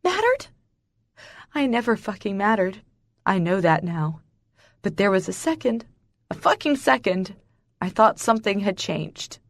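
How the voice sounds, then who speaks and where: A woman's voice: medium pitch, animated, normal speed, dry recording, lightly acted. A woman voicing a furious, betrayed young woman who screams at her husband, her voice cracking. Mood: bitter.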